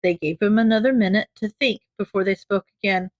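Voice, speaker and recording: A woman narrating a fan fiction audiobook in a measured, gentle way. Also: medium pitch, dry recording. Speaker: audiobook reader.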